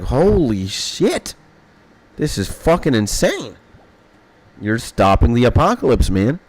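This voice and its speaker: A young man streaming a game, rambling excitably in casual chat and swearing a lot. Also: mid-range voice. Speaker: gaming streamer. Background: faint background music.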